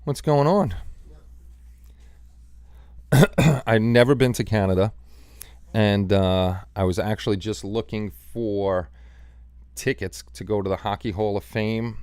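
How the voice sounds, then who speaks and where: A man's voice: fairly low pitch, steady tone, unhurried, a little mellow, clear, resonant tone, no echo. A man hosting a casual live stream, chatting in a rambling way and answering viewers by name. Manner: rambling, chatty, talks back to chat by name. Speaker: live stream host reading chat.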